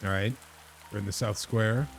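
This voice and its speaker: A man's voice: fairly low pitch, fairly even intonation, moderate pace, creaky, soft background music. A man giving casual, rambling let's-play commentary, often laughing at himself. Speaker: game streamer.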